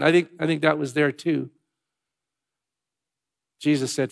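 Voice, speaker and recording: A man preaching a sermon, swinging between hushed, tender passages and loud, emphatic ones. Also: a little high, a little slow, vocal fry, long pauses. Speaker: pastor.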